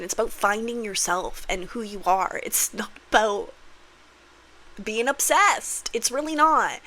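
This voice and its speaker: Bright-voiced woman, candid and foul-mouthed. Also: mid-range voice. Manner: candid, swears freely, acts out scenes with big voices. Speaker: manifestation vlogger. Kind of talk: casual opinionated monologue.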